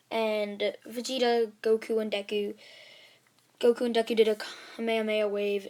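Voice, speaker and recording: Woman rambling through a fan story. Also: medium pitch. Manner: rambling, filler-heavy retelling. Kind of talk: casual storytelling to camera.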